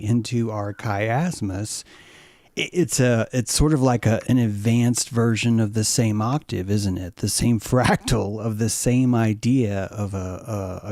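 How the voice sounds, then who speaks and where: A man's voice: a little slow, a little mellow, no echo, clean studio sound. A man hosting an internet radio show, talking through ideas in a musing, playful way and sometimes acting out quoted voices. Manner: musing, playful, acts out bird calls in a high voice. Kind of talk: casual discussion.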